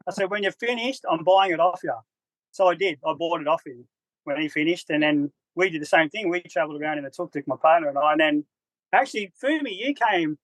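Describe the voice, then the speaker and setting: Animated man telling a story. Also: a little high, quick pace, dry recording, low-quality recording. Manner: animated, acts out quotes in a raised voice. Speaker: podcast guest. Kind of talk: casual storytelling.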